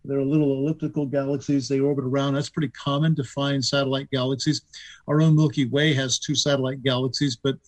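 A man, a guest author, explaining astronomy in a measured, patient way. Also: medium pitch, little pitch movement, no echo, rough recording.

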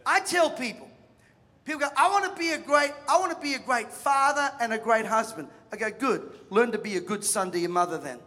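A man preaches to a congregation, telling stories and acting out the people in them. His voice sits very high and rings bright and forceful. A long reverb from the hall trails his words. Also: a little fast. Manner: animated storytelling, acts out voices, jokes with the crowd. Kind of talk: sermon.

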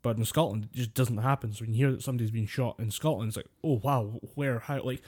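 A man's voice: mid-range voice, steady tone, racing, a little mellow. A man from the United Kingdom co-hosting a podcast, casual chat that rambles along wryly with frequent laughter. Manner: rambling, wry, laughs often. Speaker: podcast co-host.

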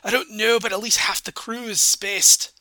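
A man doing a shouting dwarf pirate. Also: high voice, fairly even intonation, normal speed, no room sound. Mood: alarmed. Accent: put-on pirate dwarf accent. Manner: shouting urgently. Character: gruff male dwarf pirate crewman, urgent.

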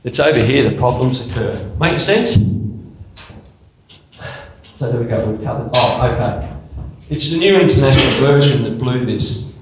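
Emphatic preacher in a very echoey hall. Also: male voice, moderate pace, pauses often, slight background noise. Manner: animated and emphatic, swinging from loud exclamations to low, quiet asides; rhetorical questions to the congregation. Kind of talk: sermon.

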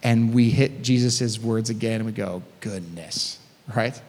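A man's voice: mid-range voice, completely flat delivery, normal speed, a little mellow. A man preaching a sermon as a pastor, reading scripture and breaking in with casual, conversational asides. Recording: long hall reverb.

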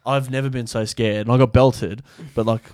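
A man's voice: medium pitch, steady tone, normal speed, darkish tone, no echo, clean studio sound. A young man telling a story in casual chat, full of swearing and filler words.

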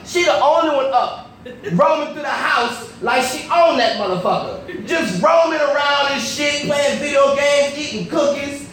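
Young male comic, high voice, loose and giggly with shouted bits, recorded far off in a very echoey club. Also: slight background noise. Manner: loose and laughing, shouting out quoted lines. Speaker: stand-up comedian. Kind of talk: live stand-up set. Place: comedy club stage. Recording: echoey club miked from a distance.

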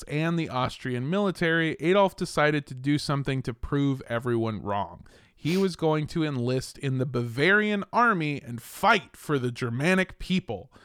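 A man's voice: mid-range voice, fairly bright tone, clean tone, no echo, clean studio sound. A young man hosting a comedic history podcast, telling events casually, joking and swearing, sometimes slipping into mocking voices. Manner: joking, profane, slips into mock voices. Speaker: podcast host.

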